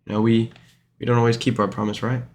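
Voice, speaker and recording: A man's voice: medium pitch, level tone, fast talker, a little mellow. A man reading scripture aloud and explaining it in an informal, rambling way, full of fillers and self-corrections. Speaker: Bible study teacher. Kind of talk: informal Bible study reading and commentary.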